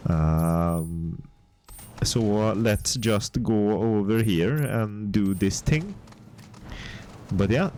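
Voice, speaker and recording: A man's voice: lowish voice, darkish tone, a little hiss or hum. A man streaming a game, talking in a laid-back, rambling way with many ums and uhs. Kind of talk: casual gameplay commentary.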